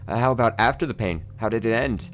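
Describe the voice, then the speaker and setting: A man's voice: mid-range voice, fast talker, soft background music, voice pushed up, natural voice. A man voicing a smug, sly male prosecutor in a game, questioning in a mocking, theatrical way. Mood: needling.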